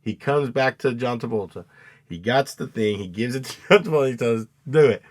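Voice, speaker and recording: Dude recapping a movie, cussing a lot, yells out the quotes, normal mid voice. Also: male voice, mid-range voice, a little fast. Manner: animated retelling, acts out scenes with loud outbursts, swears a lot. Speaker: podcast co-host. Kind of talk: casual movie review chat.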